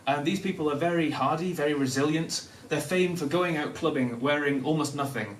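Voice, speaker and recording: Man with a soft Northern English accent telling a comic story. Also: on the high side, a little fast, a little hiss or hum. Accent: Northern English, softened. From Newcastle, North of England. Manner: self-deprecating, comic, laughing often through the telling. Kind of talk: live personal storytelling. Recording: echoey room, mic at a distance.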